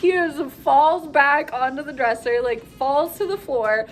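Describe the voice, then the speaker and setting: A young woman, a nursing student, excitedly retelling a hospital story in a casual vlog, full of "like" and acted-out quotes. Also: high voice, unhurried. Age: young adult. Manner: animated, breathless retelling with frequent "like" and quoted voices.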